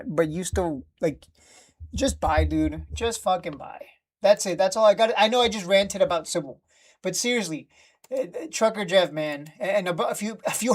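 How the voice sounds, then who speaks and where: A man's voice: sits high, a little mellow. Guy ranting on a live trading stream, swears a lot, keeps repeating himself, fed up, desk mic. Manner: blunt, profane, exasperated, repeats himself.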